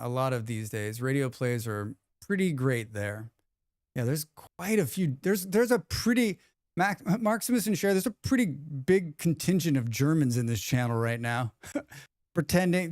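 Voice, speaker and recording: A young man rambles through a relaxed live-stream chat and reads viewers' messages back to them. His voice is smooth and clear, recorded dry and close with hardly any room sound. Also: on the high side, no room sound. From United States.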